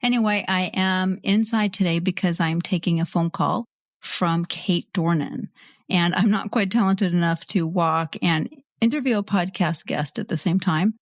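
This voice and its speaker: A woman's voice: lowish voice, moderate pace, no room sound. Chatty woman podcast host, dry sound. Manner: chatty and self-mocking, laughs easily. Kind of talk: casual podcast talk. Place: indoor studio at her computer.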